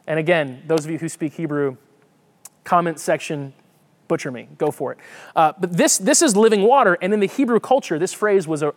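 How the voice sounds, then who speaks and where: A man preaching a conversational sermon, reading scripture and explaining it with frequent restarts. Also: a little high. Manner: lively, conversational, repeats words while thinking. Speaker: pastor.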